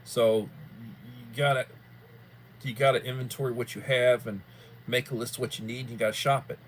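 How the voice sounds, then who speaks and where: A man's voice: medium pitch, flat delivery, moderate pace, slight background noise. Rambling folksy man chatting on a livestream. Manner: rambling, folksy, repeats himself. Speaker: livestream host. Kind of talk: casual chat.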